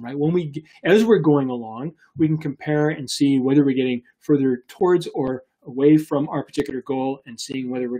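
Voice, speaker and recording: Husky animated man telling a business story. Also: a little high. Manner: animated, chatty, many fillers and restarts. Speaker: business coach and show host. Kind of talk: live business talk with a story.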